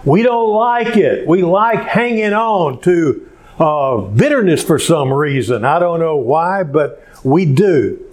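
Slow-preaching man with a higher voice. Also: lively intonation. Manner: unhurried storytelling with pauses. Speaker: pastor. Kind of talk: sermon.

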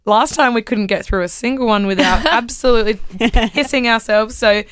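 A woman's voice: fairly high pitch, normal speed, fairly bright tone, clear, resonant tone, no room sound, studio quality. A young woman co-hosting a podcast, bubbly and keeping things moving. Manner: bubbly, drives the segments along. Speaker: podcast co-host. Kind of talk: casual chat.

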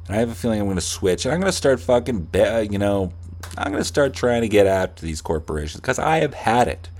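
Low-voiced man in a profane rant. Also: expressive, fast, a little mellow. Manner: ranting, swearing, mock voices. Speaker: podcast host.

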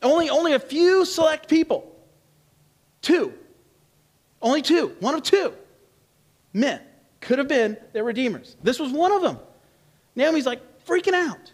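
Animated high-voiced male preacher. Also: a little slow, long pauses. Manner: animated, humorous, conversational, dramatic swings in loudness. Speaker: pastor. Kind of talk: sermon.

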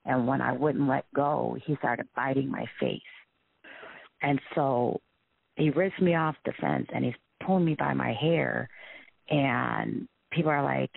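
A man telling a frightening personal story in a halting, shaken way, with many restarts. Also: mid-range voice, creaky, no room sound. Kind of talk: emotional personal testimony. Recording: tinny phone-line recording.

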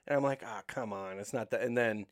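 Dude rambling thru a story, swears a lot, says like constantly, dead dry mic. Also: male voice, on the low side, fairly quick, dry recording. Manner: profane, rambling storytelling with lots of "like". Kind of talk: casual chat.

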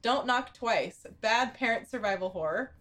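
A woman's voice: on the high side, expressive, moderate pace, fairly bright tone. A woman on a podcast, ranking games in casual chat with dry quips and frequent laughs. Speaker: podcast co-host.

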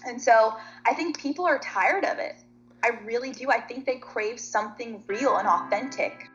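A woman guest tells her story in an animated, chatty way, acting out the other voices as she goes. Her voice is a bit high, and the sound is slightly dull. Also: normal speed, faint music behind. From Nashville, Tennessee. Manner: animated, chatty storyteller who acts out quotes. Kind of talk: casual storytelling.

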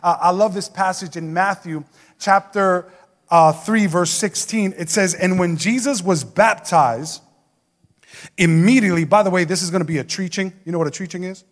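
A man with a bright, high voice preaches a sermon, emphatic and conversational, turning often to the congregation. His voice rings out with a long reverb off the walls of a large church hall. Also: fairly even intonation, fairly quick.

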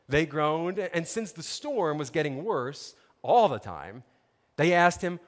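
A man preaching a sermon, telling a story with lively, conversational asides to his listeners. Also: on the high side, unhurried, in a large hall. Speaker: pastor.

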